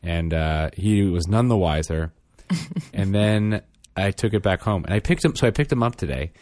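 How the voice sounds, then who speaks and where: A man with a fairly low voice tells a family story as a casual podcast co-host. His pitch swings widely as he acts out the voices in the story. The sound is dry and close. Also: normal speed, no echo. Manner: animated, acts out quotes in higher and lower voices. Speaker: father.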